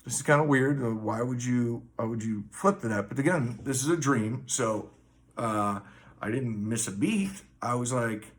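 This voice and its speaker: A man's voice: medium pitch, normal speed. A man vlogging, telling a story to camera in a rambling, profane way with many fillers.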